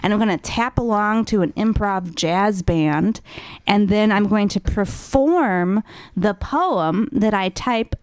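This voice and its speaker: A woman radio host answering questions in casual chat, animated and rambling with ums. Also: medium pitch, slow, clean tone, no echo.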